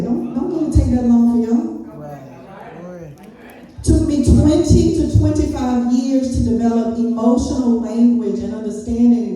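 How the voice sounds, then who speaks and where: A woman giving a conversational sermon-style teaching, telling stories with laughs and a voice that climbs when excited. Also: fairly high pitch. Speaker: prophetess teaching a session. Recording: echoey hall, speaker far from the mic.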